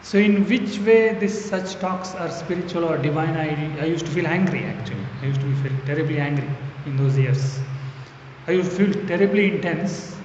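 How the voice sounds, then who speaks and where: A man's voice: on the high side, normal speed, darkish tone. A man giving a spiritual talk, earnest and emphatic, repeating phrases to drive his point home. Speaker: spiritual teacher. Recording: echoey hall, dull lo-fi sound with faint noise.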